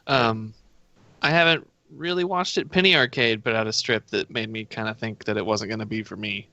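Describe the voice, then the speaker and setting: A man's voice: on the low side, fairly even intonation, brisk, creaky, bright, forceful tone, no echo, highs cut off. A man as a podcast guest in casual chat, hesitant, with many ums and uhs.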